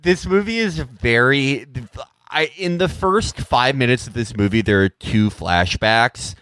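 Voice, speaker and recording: A man co-hosting a casual comedy podcast, delivering dry, deadpan jokes. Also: mid-range voice, a little slow, clear, resonant tone, dry recording. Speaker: podcast co-host.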